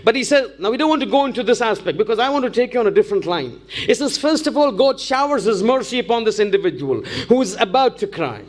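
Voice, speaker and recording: A man's voice: extremely high pitch, animated, fast talker, few pauses. A man preaching a religious lecture, telling a story and driving it home with repeated rhetorical questions. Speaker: Islamic preacher.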